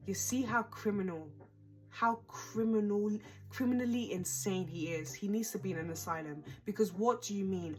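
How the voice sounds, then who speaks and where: A young woman casually recapping a reality show, chatty, dramatic and exasperated. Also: medium pitch.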